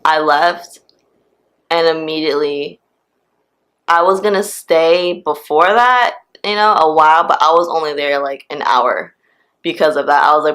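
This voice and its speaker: A woman's voice: sits low, a little slow. Profane young woman telling a story. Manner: casual, profane, animated storytelling. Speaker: vlogger. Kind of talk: storytime vlog.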